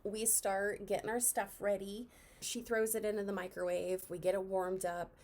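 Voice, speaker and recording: A soft-spoken young woman from Indiana, telling a story in a casual, chatty vlog and sounding a little out of breath. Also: mid-range voice, flat delivery, normal speed. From Indiana, USA. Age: young adult. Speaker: vlogger.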